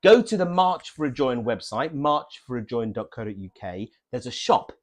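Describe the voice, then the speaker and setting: Man, from norfolk, livestream co-host, chatty, rambling, animated pitch. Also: moderate pace. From Norfolk, England. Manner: chatty, rambling, self-correcting. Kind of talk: casual livestream hosting.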